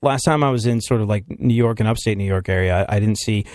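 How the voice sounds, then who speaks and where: Wry talk-radio host, dry studio sound. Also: male voice, on the low side, quick pace, darkish tone, no echo. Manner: wry, joking, laughs often. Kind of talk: casual comedic radio chat.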